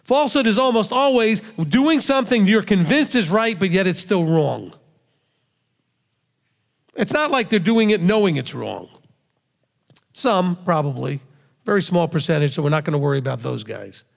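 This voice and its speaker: A man's voice: high voice, animated, moderate pace, gravelly, long pauses. A male rabbi giving a conversational sermon, emphatic and full of rhetorical questions he answers himself. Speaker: rabbi teacher. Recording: long hall reverb.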